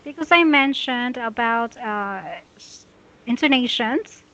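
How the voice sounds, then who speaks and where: Slow, patient woman teaching pronunciation. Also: on the high side, expressive, fairly bright tone, muffled recording. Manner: slow, patient, repeats instructions. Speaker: English teacher. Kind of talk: giving a pronunciation lesson.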